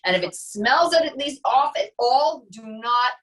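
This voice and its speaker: A woman's voice: high-pitched, animated, a little slow, a bit bright, distant mic, poor audio. A middle-aged woman chatting casually as a guest while she shows how she makes a dish, explaining step by step with many asides. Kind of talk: casual cooking demo chat.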